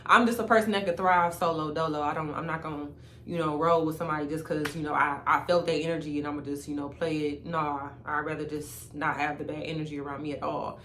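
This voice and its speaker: A woman's voice: deep voice, steady tone, quick pace, a bit bright, a little hiss or hum. A woman vlogger telling a story in a candid, slangy and emphatic way, chatting casually beside a fire. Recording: roomy echo.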